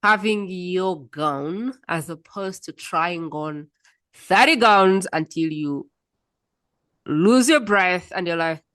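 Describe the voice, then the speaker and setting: A woman's voice: fairly low pitch, slow pace, fairly bright tone, no room sound, studio quality. A woman hosting a podcast interview, telling stories in a chatty way and murmuring along as she listens. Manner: chatty storyteller, frequent murmured mm's. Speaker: podcast host. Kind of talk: casual interview chat.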